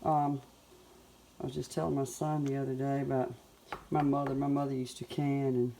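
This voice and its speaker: A woman's voice: a bass voice, flat delivery, moderate pace, background noise. A middle-aged woman with a Southern US accent, chatting folksily in her home kitchen as she cooks. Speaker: home cook. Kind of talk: casual cooking demonstration.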